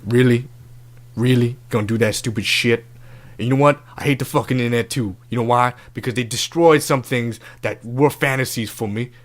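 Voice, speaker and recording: A man's voice: medium pitch, brisk, close to an everyday voice. A man playing a brash, crude love-advice doctor in a comedic podcast bit, talking in swaggering, profane slang.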